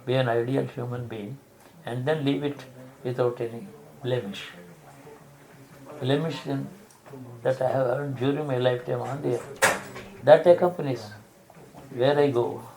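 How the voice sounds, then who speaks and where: A man giving a spiritual discourse, explaining slowly and restarting phrases to rephrase his examples. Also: medium pitch, steady tone, gravelly, a crowd in the background, rough recording. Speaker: spiritual teacher.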